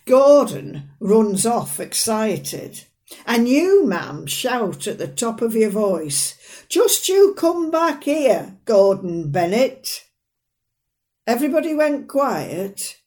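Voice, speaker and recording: A woman with a fairly high voice delivers a dramatic monologue in the role of an elderly northern mother who is fussy, proud and sharp-tongued, with a dry, plain-spoken manner.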